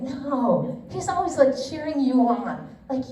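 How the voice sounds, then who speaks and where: A middle-aged woman teaches a women's Bible study in a relaxed, candid way, full of asides. Her voice sits a little high with a mellow tone. The mic is some way off, and the room echoes around her. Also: measured pace, hardly any pauses. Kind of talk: casual teaching talk. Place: church meeting room. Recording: roomy echo, distant mic.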